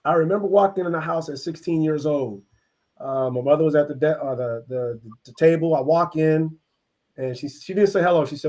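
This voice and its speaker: A middle-aged man from East Oakland, telling his life story as an interview guest, earnest and halting with many restarts. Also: fairly high pitch, a little mellow. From East Oakland, California. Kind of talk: reflective personal storytelling.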